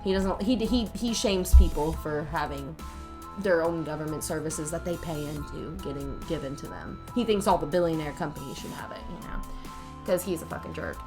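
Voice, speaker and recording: A woman's voice: low voice, normal speed, over music. A woman, a special needs teacher co-hosting a casual podcast, talking bluntly and cursing freely. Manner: blunt, profane, ranting. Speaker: podcast co-host. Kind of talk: casual chat.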